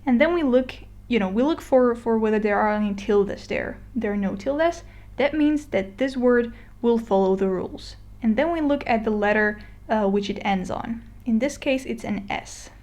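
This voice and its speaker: A woman giving a casual explainer lesson, chatty with fillers and restarts, slowing down to model words. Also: fairly high pitch, darkish tone. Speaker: Spanish teacher. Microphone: voice-over on a screen recording.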